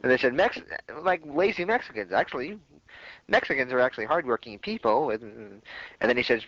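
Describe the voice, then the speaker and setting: A man's voice: mid-range voice, lively intonation, fast, a bit bright, no room sound. Opinionated male podcast co-host. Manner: opinionated, rambling storytelling. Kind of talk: casual wrestling chat. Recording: dull lo-fi podcast audio.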